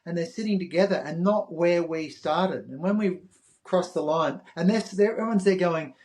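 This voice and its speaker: Animated Australian man telling a story. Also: high voice, moderate pace. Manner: animated, acts out quoted voices. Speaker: guest. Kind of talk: interview storytelling.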